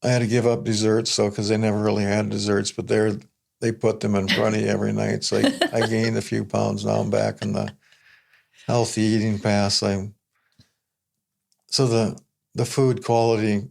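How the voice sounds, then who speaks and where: An older man, a podcast guest, talking in a plain-spoken, reflective and unhurried way in casual conversation. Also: lowish voice, level tone, gravelly, a little mellow.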